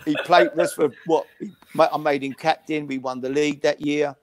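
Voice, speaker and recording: A man's voice: a little high, brisk, a little hiss or hum. An older man, telling football anecdotes as a guest on a call-in interview and acting out the voices of others. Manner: lively storyteller acting out voices, chuckling. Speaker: guest, former football manager. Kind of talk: anecdotal storytelling. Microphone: video call.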